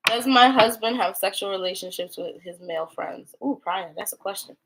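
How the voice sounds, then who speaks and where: A woman's voice: mid-range voice, normal speed, creaky, few pauses, background noise. Young female tarot reader, casual livestream delivery, rambling and filler-heavy. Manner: chatty, rambling, full of "like" fillers.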